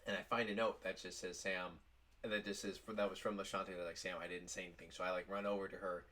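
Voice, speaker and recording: Low-voiced man telling a rambling story. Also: little pitch movement, fast, bright, forceful tone. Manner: rambling, heavy use of "like". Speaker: vlogger. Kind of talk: casual storytime vlog.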